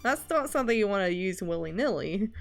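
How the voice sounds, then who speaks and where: Rambling woman streamer with lively pitch. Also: a little fast, creaky, faint music behind. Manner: rambling, many fillers, laughs often. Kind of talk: casual stream chat.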